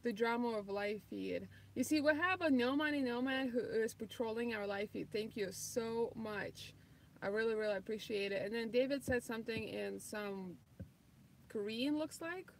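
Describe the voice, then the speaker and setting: Livestream host, woman, 30s, non-native English speaker, vocal fry, loose and filler-heavy. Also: on the high side, normal speed, slight background noise. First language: not English. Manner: reads viewer comments aloud, many ums. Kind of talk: casual livestream Q&A.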